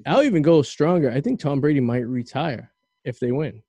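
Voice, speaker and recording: A man's voice: medium pitch, animated, normal speed, dark tone, no room sound. A man hosting a podcast in casual chat, rambling and stammering through restarts. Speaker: podcast host.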